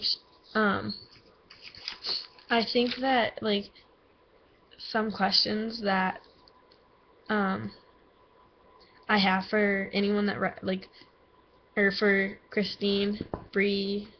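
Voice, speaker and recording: A woman's voice: medium pitch, slight background noise. A teenage girl gives a book report for school, talking hesitantly with lots of ums and likes. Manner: hesitant, filler-heavy, with many ums and likes. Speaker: student. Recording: dull lo-fi recording with music behind.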